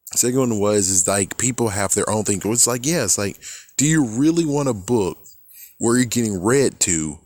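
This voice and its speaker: A man's voice: lowish voice, dry recording. A man ranting casually about his opinions, rambling and exasperated, often swearing. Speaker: video creator.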